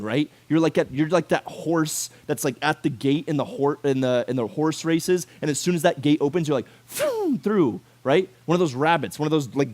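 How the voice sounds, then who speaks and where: Youth pastor guy preaching to teens, kinda high voice, super chatty, lots of "like" and questions to the crowd. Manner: animated, conversational, full of "like" and rhetorical questions. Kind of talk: casual youth sermon.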